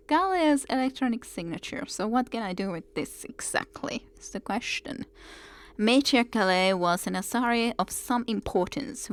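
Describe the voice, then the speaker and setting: A woman streaming a game, chatting casually and reading game text aloud. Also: mid-range voice. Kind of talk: casual gameplay commentary.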